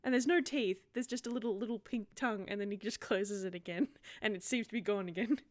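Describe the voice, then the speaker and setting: A woman running a tabletop game as game master, narrating in a gentle, giggly way. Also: medium pitch, quick pace.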